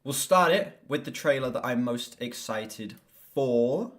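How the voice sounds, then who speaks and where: This young man chats on his live stream in a mid-pitched voice, casual and rambling. He gets excitable and swears freely as he talks about films. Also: measured pace, slight background noise. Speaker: streamer and movie reviewer.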